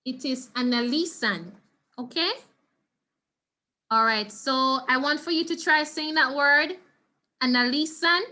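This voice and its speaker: A Jamaican woman leads an online Spanish lesson through her computer mic, patiently sounding words out again and again for her students. Her voice sits a little high and comes across bright and crisp. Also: measured pace, pauses often. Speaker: Spanish teacher. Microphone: computer mic on a video call.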